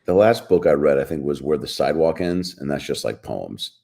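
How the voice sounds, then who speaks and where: A man from Seattle, a comedian guest on a radio show, telling a rambling story in a deadpan way. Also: rumbling low, brisk, gravelly. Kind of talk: casual radio chat, storytelling.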